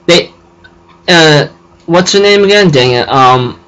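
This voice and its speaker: A man's voice: fairly high pitch, lively intonation, takes it slowly, a bit bright, smooth, highs cut off. A man casually recapping an anime episode, rambling with many fillers and restarts. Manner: rambling, filler-heavy, self-correcting. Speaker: anime reviewer.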